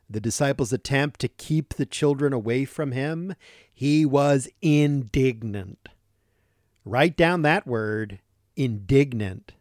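Slow, emphatic male preacher, dry sound. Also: mid-range voice, a little mellow, dry recording. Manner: slow, deliberate and emphatic, stressing key words. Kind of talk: sermon teaching from scripture.

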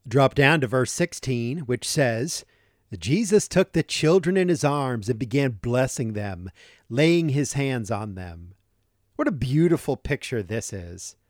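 A man preaching a sermon, teaching from scripture in a deliberate, emphatic way that leans on key words. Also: mid-range voice, darkish tone, no room sound, studio quality.

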